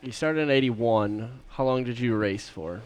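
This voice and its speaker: Male host, live show, middle pitch, easygoing questions, laughs along. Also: measured pace, smooth. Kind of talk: casual interview.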